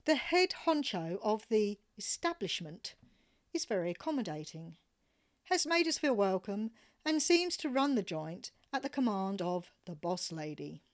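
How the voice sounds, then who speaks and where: A woman with an Australian accent, a podcast host reading a story aloud in a relaxed, wry manner. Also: medium pitch, a little slow.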